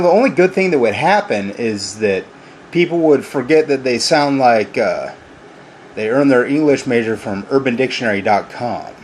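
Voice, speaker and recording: Middle-aged male host, solo rant, sneering and sarcastic, mid-pitched voice, faint hum behind. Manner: mocking, combative, sarcastic. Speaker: channel host. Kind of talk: ranting monologue to camera.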